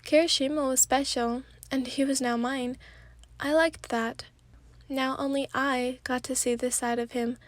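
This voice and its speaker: Stuffy-nosed woman, soft high ASMR narration. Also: flat delivery, measured pace, no echo. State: stuffy nose; tired. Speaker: ASMR storyteller.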